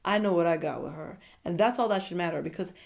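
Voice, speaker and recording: A woman giving a casual, opinionated recap of a TV episode, chatty and quick to slip into playful voices. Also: lowish voice, gravelly, a little mellow. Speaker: TV show recap vlogger. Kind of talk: casual commentary monologue.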